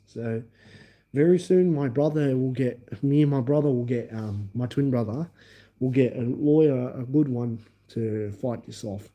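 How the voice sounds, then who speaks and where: A man's voice: medium pitch, measured pace, muffled recording. An Australian man from Melbourne, rambling through a personal story on a livestream, with many fillers and repeated phrases. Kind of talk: casual storytelling to viewers.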